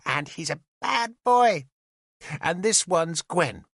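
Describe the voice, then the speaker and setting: An odd, plump woman with a giggly, singsong lilt, as a male narrator puts her on. Her voice is raised high and bright, swinging up and down as she chatters, recorded dry and close. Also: expressive, slow, no echo, full character voice. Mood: whimsical. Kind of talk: audiobook character voice.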